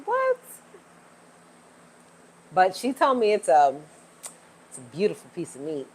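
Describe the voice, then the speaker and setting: A woman's voice: lowish voice, huge pitch swings, measured pace, slightly rough. A woman hosting a casual livestream from home, chatting with viewers and laughing often. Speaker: livestream host.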